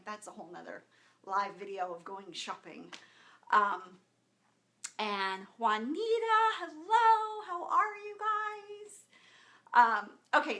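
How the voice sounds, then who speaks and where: A chatty woman from Southern California, in her thirties, talks live to her viewers with a bright, sharp tone and a fairly high voice. She rambles warmly through fillers and greetings, and she stays openly emotional and close to tears. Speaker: live video host. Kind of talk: casual live-stream talk to viewers. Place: indoors at home with camera and lighting setup.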